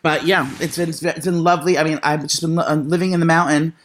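A man co-hosting a casual chat show, telling animated stories full of fillers and quick asides. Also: a little high. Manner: animated storytelling, frequent fillers. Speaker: podcast co-host.

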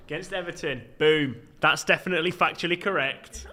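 A man's voice: a little high, pushed and bright. A man co-hosting a casual football podcast, bantering and teasing his co-host. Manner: quick banter, laughs and teases.

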